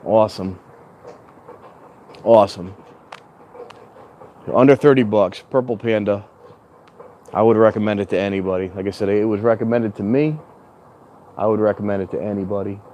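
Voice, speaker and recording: Speaking slowly enough with long pauses, this man has a warm, somewhat low voice and fairly level intonation. He's chatting loosely for a vlog at a train station in a strong wind, rambling, correcting himself and occasionally raising his voice into a lav mic attached to his handheld phone.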